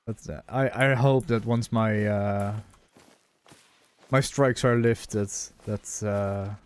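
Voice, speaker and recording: A man's voice: on the low side, steady tone, takes it slowly, smooth. A young man casually commenting on a hunting game while chatting with his viewers, musing aloud in a rambling, conversational way. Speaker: gaming streamer.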